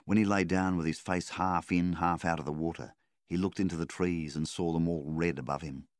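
Male narrator, extremely low voice, measured audiobook read, dry booth. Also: fairly even intonation, dry recording.

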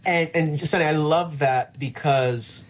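A man who is a pastor, talking earnestly about faith in a conversation and slowing down to stress his points. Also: fairly high pitch, slight background noise.

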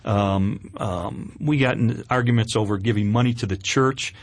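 A man's voice: on the low side, moderate pace, no echo. A middle-aged man giving an earnest, candid personal testimony as an interview guest, with hesitant restarts.

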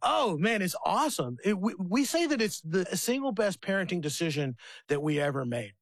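A man's voice: sits high, moderate pace, dry recording. A man, likely in his thirties, hosting a faith radio talk show and telling family stories with many restarts. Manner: animated storyteller, many restarts.

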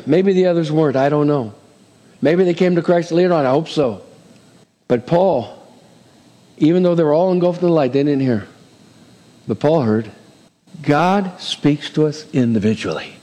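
A man's voice: fairly high pitch, darkish tone, big-room sound. A man preaching a sermon, reading scripture and acting out its figures with big swings in his voice. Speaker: pastor.

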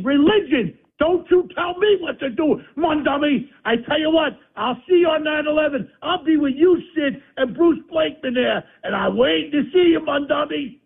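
A man's voice: extremely high pitch, creaky. Blustering New man on a phone line. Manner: combative, insulting, blustering. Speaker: guest on talk radio. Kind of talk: angry political rant.

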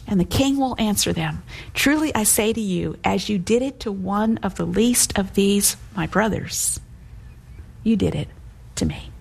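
A woman's voice: medium pitch, a little slow, creaky, slightly rough. A middle-aged woman giving devotional Bible teaching in an earnest, conversational way, quoting scripture as she goes.

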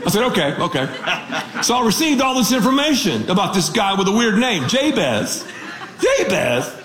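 Man, pastor, animated joking sermon, high lively voice, echoey room. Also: moderate pace. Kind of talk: radio sermon.

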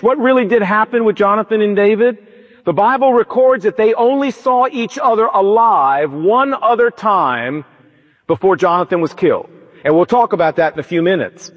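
Emphatic preacher in an echoing hall. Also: male voice, sits high. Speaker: pastor. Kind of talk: sermon. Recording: dull lo-fi with long reverb, church sermon recording.

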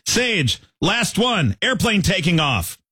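Husky, bright-voiced playful male host. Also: high voice, very animated, no room sound. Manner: playful, quick to laugh, calls out prompts. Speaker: host running an impressions game. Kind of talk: casual comedy banter.

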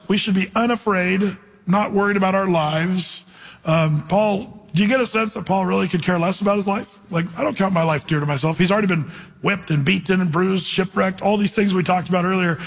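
Male pastor, higher register, husky, conversational storyteller; sermon recorded in a reverberant hall. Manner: conversational, storytelling, slows for scripture reading.

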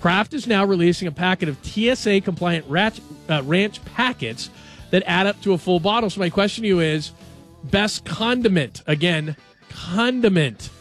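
A male sports radio host in a radio studio, talking in a chatty, animated and jokey way. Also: high-pitched, normal speed, faint music behind. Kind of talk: casual sports talk.

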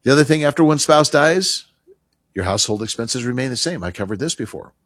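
This radio host and retirement tax advisor is a middle-aged man with a medium-pitched, expressive, slightly bright voice, talking a little fast. He's chatty and emphatic on his advice segment, dropping his voice for side remarks, and the recording is dry.

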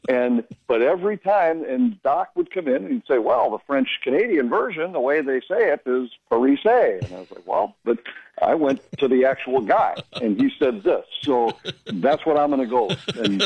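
A man's voice: mid-range voice, moderate pace, creaky, husky, dry recording. Storytelling man, dull radio sound. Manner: storytelling, animated, amused. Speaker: hockey play-by-play broadcaster. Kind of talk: casual radio chat.

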